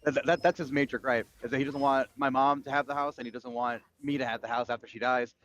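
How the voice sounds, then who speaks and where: A man's voice: mid-range voice, fairly even intonation, fast, a bit bright. A man streaming, telling a long story as a profane, ranting chat. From United States. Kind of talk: casual livestream chat. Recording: dull lo-fi mic.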